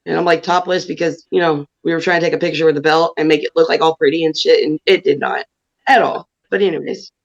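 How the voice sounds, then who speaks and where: A woman's voice: low-pitched, fairly even intonation, fast talker, vocal fry. A woman wrestler as a podcast guest, telling a story in a brash, profane, joking way. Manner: brash, profane, loud, laughs at herself. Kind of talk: casual storytelling chat. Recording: dull, lo-fi sound.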